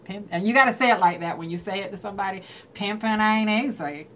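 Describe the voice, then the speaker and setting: A woman's voice: medium pitch, racing, bright, forceful tone, slight background noise. A woman hosting a casual live stream, chatting and greeting viewers by name and laughing often. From North Carolina.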